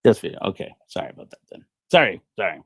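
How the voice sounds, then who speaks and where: A man's voice: lowish voice, sing-song, fast talker, slightly rough, dry recording. A man preaching a comedic, rambling sermon on a livestream, joking and self-deprecating. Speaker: preacher of a parody church.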